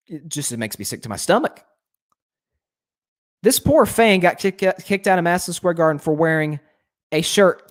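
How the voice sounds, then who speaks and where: A young man hosting a sports commentary show, ranting with indignation and lots of restarts. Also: high voice.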